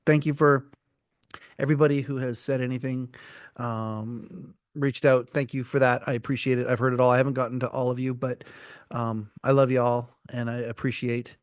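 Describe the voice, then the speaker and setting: A man's voice: mid-range voice, little pitch movement, normal speed, dry recording. A middle-aged man, hosting a podcast in casual chat, joking and candid, laughing often. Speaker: podcast host.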